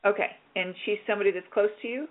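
A woman hosting a radio show, coaching a caller with lively, directive talk and acting out little scenes. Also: mid-range voice, racing, phone-quality sound. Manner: directive and animated, plays out scenes. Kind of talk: on-air coaching chat.

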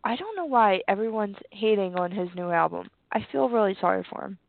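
A woman's voice: medium pitch, animated, a little fast, gravelly, dry recording. A woman with a cold, chatting casually and giggling often. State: sick with a cold. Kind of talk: casual chat. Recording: tinny phone-like line, dry.

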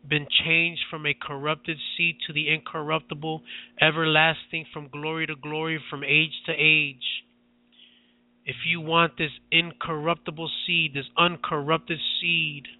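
A man's voice: on the high side, little pitch movement, normal speed, no room sound. A man who is a radio preacher, leading fervent prayer with repetitive, impassioned declarations. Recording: tinny phone-like line.

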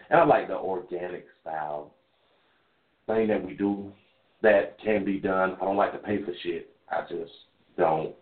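Thirties male host, casual call-in radio monologue, candid and profane, phone-line sound with echo. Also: deep voice. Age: 30s. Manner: loose, rambling, candid and profane. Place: in a car while driving. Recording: tinny phone line, echoey.

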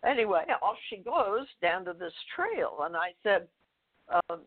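An older woman, a guest author, telling a personal story in a phone interview, halting, with fillers, restarts and soft laughs. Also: medium pitch, very animated. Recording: tinny phone line.

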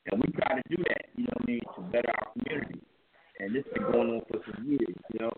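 A man's voice: mid-range voice, fast talker, a loud crowd. A man calling in to a radio talk show, talking in an earnest, rambling way and repeating his phrases. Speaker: caller. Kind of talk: call-in talk radio chat. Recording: tinny phone line, faint noise.

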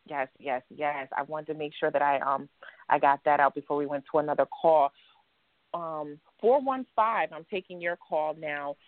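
A woman hosting a call-in radio chat, upbeat and quick to exclaim as she takes callers. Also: deep voice, no room sound. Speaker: radio show host. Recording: tinny phone line.

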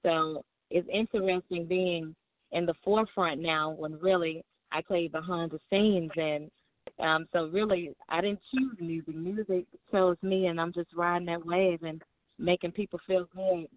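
A woman's voice: on the low side, steady tone, measured pace, no echo. A young woman from Memphis with a Southern accent, a singer and songwriter calling in to give easygoing, reflective interview answers. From Memphis, Tennessee. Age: young adult. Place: calling in from home. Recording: dry tinny phone line.

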